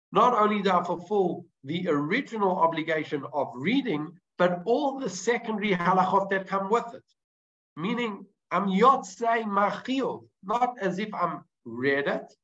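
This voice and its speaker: A man's voice: high voice, fairly bright tone, lo-fi sound. A man teaching a Talmud class, explaining step by step and weaving Hebrew terms into his English, often restarting his sentences. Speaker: Torah teacher.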